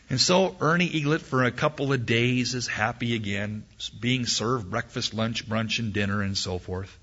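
A man preaching a sermon, telling an animated story and acting out sounds and voices, in a husky voice on a dull, lo-fi recording. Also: medium pitch, normal speed, hardly any pauses.

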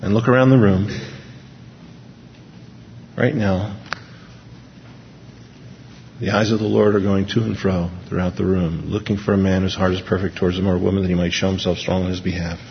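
A man's voice: sits low, level tone, moderate pace, vocal fry, pauses often, slight background noise. A man preaching an impassioned sermon in a church hall, building to emphatic repeated peaks. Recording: dull lo-fi recording with long hall reverb.

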